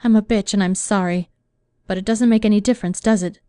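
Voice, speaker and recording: A woman voicing a tired, self-reproaching young woman in an audiobook, speaking in a flat, exhausted way. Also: mid-range voice, quick pace, smooth, no room sound, lightly acted.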